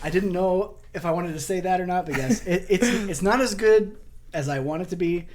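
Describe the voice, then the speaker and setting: A man's voice: sits high, normal speed, a little mellow. Rambling, self-mocking young man. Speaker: podcast co-host. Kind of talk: casual podcast banter.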